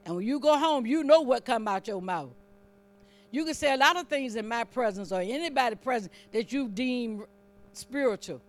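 High-pitched woman preacher, fervent sermon, chatty teasing asides, keeps pushing the emphasis up. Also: animated, normal speed.

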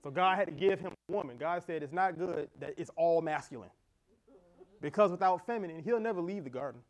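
A middle-aged man, a pastor, preaching an animated sermon with laughter and acted-out dialogue. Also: a little high, fairly quick.

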